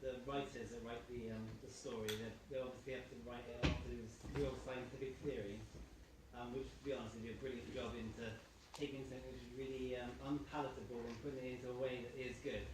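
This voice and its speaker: A man's voice: medium pitch, flat delivery, quick pace. A man, a fan at a convention panel, asking an earnest, hesitant question with many fillers. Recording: echoey noisy hall from far off.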